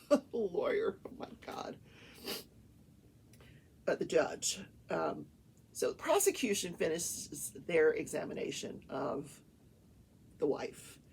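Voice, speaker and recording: A woman's voice: sits low, huge pitch swings, slow pace, vocal fry, long pauses, a little mellow, slight background noise. An older woman hosting a talk show, chattily retelling courtroom testimony in casual storytelling with her own asides. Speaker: talk show host and retired attorney. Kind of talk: casual storytelling recap of a trial.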